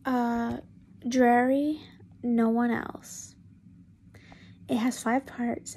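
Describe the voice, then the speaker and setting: Young woman, casual fanfiction reading, halting, frequent restarts, slow, higher voice. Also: little pitch movement, warm tone, husky. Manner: halting, stumbles and restarts often. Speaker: fanfiction reader.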